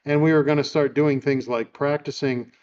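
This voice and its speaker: A man's voice: on the high side, fairly even intonation, normal speed, darkish tone, dull audio. A man hosting a podcast, telling amused stories in a casual chat and retelling a film. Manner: chatty, amused storyteller. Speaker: podcast host.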